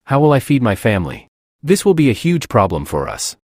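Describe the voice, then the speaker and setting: A man's voice: medium pitch, wildly swooping pitch, a little fast, darkish tone, no echo, clean studio sound. A man voicing a desperate shopkeeper who pleads for help. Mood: pleading.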